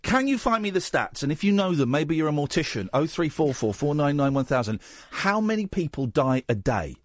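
Lively, excitable radio host. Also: male voice, fairly high pitch, brisk, no echo. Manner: playful, excitable, jokey. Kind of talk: late-night radio chat. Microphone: studio microphone.

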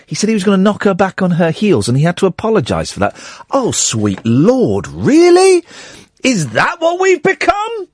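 A man's voice: high voice, no echo. A man hosting a phone-in radio show from a studio, chatting in a rambling way and breaking off his own points. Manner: rambling, chatty, self-interrupting. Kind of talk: late-night phone-in radio chat. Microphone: studio microphone.

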